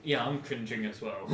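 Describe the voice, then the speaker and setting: A man's voice: medium pitch, roomy sound, recorded from a distance. A man playing a tabletop game, throwing in wry, sardonic asides. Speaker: player. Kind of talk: casual tabletop play.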